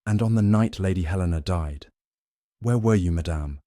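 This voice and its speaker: A man performs a fussy elderly Belgian detective in an audiobook mystery. He speaks softly and with precise courtesy. The voice is deep and close, with no room sound. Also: normal speed, no echo, natural voice. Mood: courtly.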